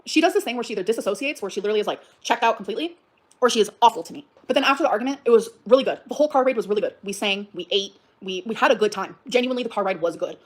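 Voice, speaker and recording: A young woman livestreaming, reacting with fast, heated, profane outbursts that swing up to shouting. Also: medium pitch, expressive. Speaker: livestreamer reading and reacting to a post. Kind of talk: emotional livestream rant.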